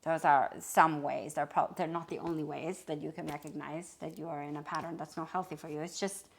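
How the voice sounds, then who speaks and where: A woman hosting a reflective self-help video, talking gently and openly about her feelings, often pausing and restarting to search for words. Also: low voice, steady tone, creaky. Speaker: wellness video host.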